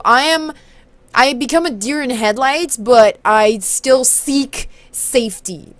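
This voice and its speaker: A woman's voice: a little high, dry recording. Chatty, rambling young woman gamer. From southern California. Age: 20s. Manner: chatty, rambling, self-deprecating, bursts of excitement. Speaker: let's-play host. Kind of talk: casual commentary while reading a game.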